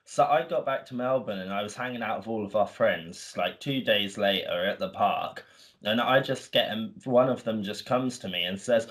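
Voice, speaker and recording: A man from the UK co-hosting a podcast, chatting casually and telling stories in an animated way. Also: on the low side, normal speed. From United Kingdom. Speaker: podcast co-host. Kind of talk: casual chat.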